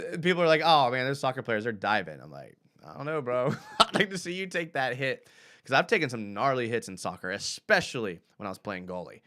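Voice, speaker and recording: A man hosting a fan live stream, casually reading viewer comments aloud and reacting with laughs. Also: mid-range voice. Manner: animated, laughing, reads chat aloud.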